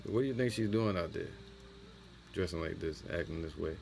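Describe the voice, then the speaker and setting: A man teaching an impromptu scripture lesson, reading verses slowly and then commenting in loose, slangy talk. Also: low-pitched, vocal fry, a little mellow, soft background music. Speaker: teacher of a religious camp.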